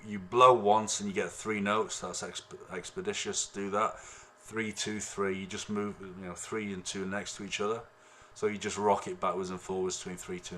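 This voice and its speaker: Male harmonica tutor on a video call, lowish bright voice, easygoing and digressive. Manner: relaxed, rambling explanations with many fillers. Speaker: harmonica teacher. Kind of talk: online music lesson. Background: harmonica playing.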